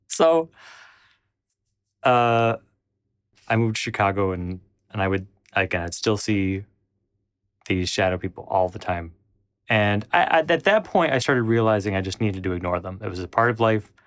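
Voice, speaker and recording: A man's voice: lowish voice, animated, unhurried, long pauses, a bit bright, no room sound. Man retelling a personal story, dry close sound. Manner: rambling, with frequent restarts and acted-out quotes. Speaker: channel host.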